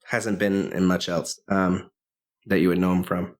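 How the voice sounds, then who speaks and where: On a podcast he co-hosts, a man recaps a film's plot casually and at length, stumbling through fillers and restarts. His voice sits low, shows little pitch movement, and stays unhurried.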